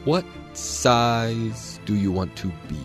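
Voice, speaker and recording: A man voicing a languid, stern blue caterpillar in a storybook reading, with a slow, drawling, curt manner. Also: mid-range voice, music in the background, voice pushed up, lightly acted.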